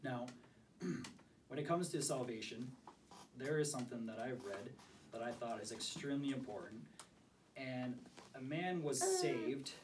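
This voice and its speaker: A man with a hoarse voice giving a sermon to a small group, reading scripture aloud and asking for volunteers. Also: mid-range voice, a little mellow. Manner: asks the group questions, reads scripture aloud. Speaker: preacher. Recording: distant mic with faint background noise.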